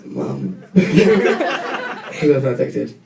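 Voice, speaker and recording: A man's voice: medium pitch, sing-song, drawn-out words, gravelly. A young man with a British accent answers fan questions in a chatty, giggly, joking way. He sounds distant in an echoey room, with a crowd audible around him. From Britain. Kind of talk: casual Q&A with a studio audience. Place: radio studio room with a live audience.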